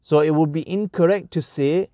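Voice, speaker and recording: A man teaching Arabic grammar in a slow, deliberate way, breaking each sentence into short phrases. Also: on the high side, dark tone, no echo, studio quality. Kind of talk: explanatory grammar lesson.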